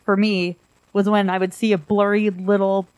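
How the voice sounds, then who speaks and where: A woman's voice: mid-range voice, little pitch movement, moderate pace, darkish tone, no room sound, low-quality recording. A woman co-hosting a casual podcast, cracking crude, sarcastic quips. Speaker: podcast co-host. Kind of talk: casual conspiracy podcast chat.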